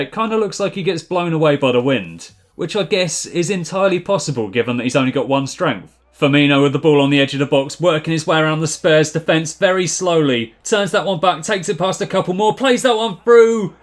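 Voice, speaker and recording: Young man, slightly high voice, dry sarcastic football game commentary, deadpan asides. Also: a little fast, few pauses.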